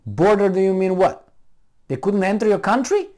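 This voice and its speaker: A man's voice: high voice, lively intonation, moderate pace, darkish tone. A man giving a heated, sarcastic running commentary, mocking and arguing with the people he talks about. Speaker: political commentator. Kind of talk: ranting video commentary.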